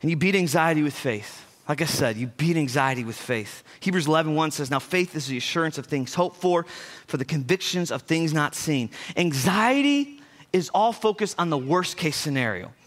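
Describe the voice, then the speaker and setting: Bright-voiced young male preacher. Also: fairly high pitch, moderate pace. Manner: conversational, animated preaching with asides. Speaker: pastor. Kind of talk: sermon.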